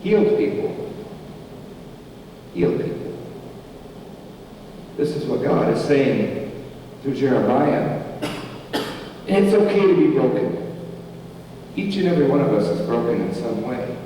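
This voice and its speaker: A man's voice: mid-range voice, lively intonation, normal speed, long pauses, mellow, recorded from a distance, slight background noise. A man preaching a sermon as pastor, with an emphatic, repeating cadence. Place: church sanctuary. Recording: echoey hall, from afar.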